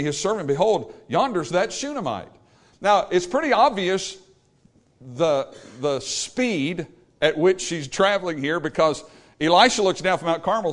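Folksy male preacher retelling scripture. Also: a little high. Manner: retells scripture in plain folksy terms, reads verses in King James wording. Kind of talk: sermon.

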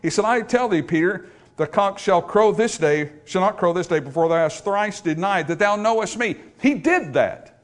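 Animated, high-voiced preacher. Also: male voice. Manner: swings from hushed, drawn-out scripture quotes to loud, emphatic preaching. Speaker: pastor. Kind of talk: sermon. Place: church in front of a congregation.

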